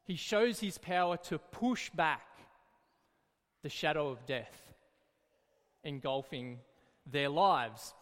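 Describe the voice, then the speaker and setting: A man leading a children's Bible talk in church, lively and encouraging as he tells the stories. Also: on the high side, slow, pauses often, long reverb tail.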